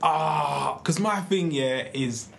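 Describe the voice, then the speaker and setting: A man's voice: a little high, takes it slowly, vocal fry, a bit bright, a little hiss or hum. A young man, co-hosting a casual chat, telling stories animatedly with heavy slang and lots of fillers. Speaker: podcast co-host. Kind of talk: casual chat among friends.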